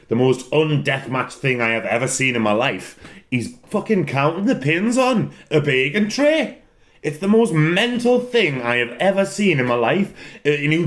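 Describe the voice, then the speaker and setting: Man, casual solo chat, rambling and giggly, prone to loud laughing fits and swearing. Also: medium pitch. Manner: rambling, repeats words for comic effect. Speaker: wrestler answering fan questions.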